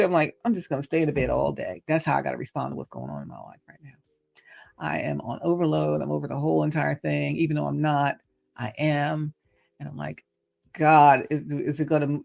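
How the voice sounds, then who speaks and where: Chatty gravelly Southern woman host. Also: low-pitched, no echo. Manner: chatty, playful, musing aloud. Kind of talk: casual reflective monologue.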